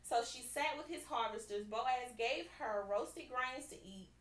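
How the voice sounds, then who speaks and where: A woman hosting a podcast in casual chat, reading scripture aloud and talking it over in an animated way, repeating her lines and checking in with her listeners often. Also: on the high side, unhurried, reverberant. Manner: animated and chatty, repeats lines and keeps asking "right?". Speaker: podcast host.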